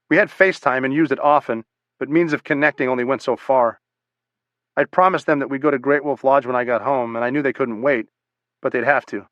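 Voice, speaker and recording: A man reads a first-person memoir at a steady, measured pace, plain and matter-of-fact, his voice at an ordinary middle pitch. The recording is dull and bone-dry. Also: no room sound. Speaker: audiobook narrator.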